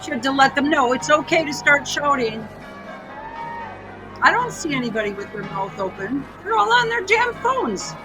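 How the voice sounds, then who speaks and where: A woman's voice: high voice, sing-song, normal speed, music in the background, low-quality recording. A woman giving blunt, sarcastic, profane reaction commentary over video clips as host of her channel.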